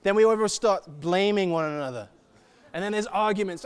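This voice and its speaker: Man preacher, high and clear, lively sermon delivery that swings soft to loud. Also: moderate pace. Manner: animated, swings from soft to shouting; acts out quoted voices. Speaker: church speaker.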